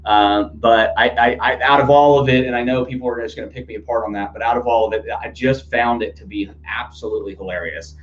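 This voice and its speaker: A man's voice: medium pitch, fairly even intonation, fast talker, few pauses. A man hosting a casual news commentary podcast, rambling with many fillers and restarts. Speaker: podcast host. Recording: dull lo-fi sound with faint hum.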